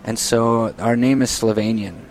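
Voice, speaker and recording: A man's voice: medium pitch, steady tone, normal speed, a little hiss or hum. A man from Minnesota who is a priest, hosting a casual radio chat in a studio, friendly and speaking with frequent ums. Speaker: radio show host and priest.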